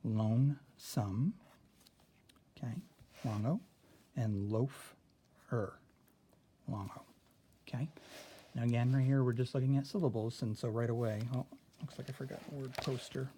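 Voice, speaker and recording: A man's voice: mid-range voice, fairly even intonation, fairly quick, dark tone, husky. A man teaching a spelling lesson, walking through a word sort and checking in often with "okay.".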